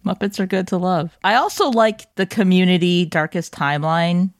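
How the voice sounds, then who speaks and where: A woman co-hosts a tabletop podcast, crude and teasing, laughing often. Her voice is fairly low and sounds dry and close. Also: normal speed, no echo. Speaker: podcast co-host and player. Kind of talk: casual actual-play podcast chat.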